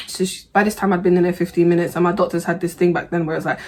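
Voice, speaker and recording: A woman's voice: lowish voice, fairly even intonation, fast talker, darkish tone, soft background music. A woman vlogger telling a personal story in a casual, humorous, slangy way, getting heated as she relives the anger.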